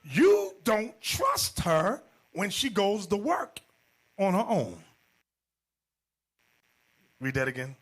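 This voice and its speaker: A man preaching as a bishop in a Bible class, telling stories in an animated way and acting out the people in them, sometimes shouting. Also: high-pitched, slow, long pauses, husky. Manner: animated, acts out quotes, jumps to shouting. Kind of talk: storytelling Bible class sermon.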